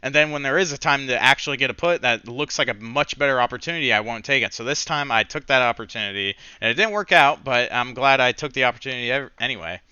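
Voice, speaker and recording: A man talks through his losing trades in a candid, rambling way, swearing freely and criticizing himself. His voice is very bright and clear. The sound is dry and a little dull, with no room echo. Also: mid-range voice, fast talker, few pauses. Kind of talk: casual screen-share trading recap.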